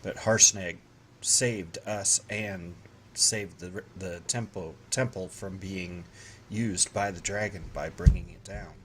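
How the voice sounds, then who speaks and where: Male player, deep voice, earnest in-character explainer, light noise behind. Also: steady tone, slow pace, rough recording. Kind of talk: in-character tabletop talk.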